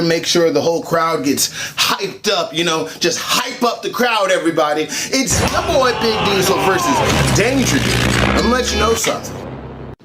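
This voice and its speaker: A man cutting a wrestling promo with a loud hype-man delivery. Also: on the high side.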